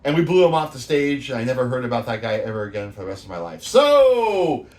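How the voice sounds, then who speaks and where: A sing-song, fairly quick, slightly mellow voice of medium pitch belongs to a Bay Area show host in his fifties. He tells rambling, profane stories punctuated by laughs in a casual storytelling monologue.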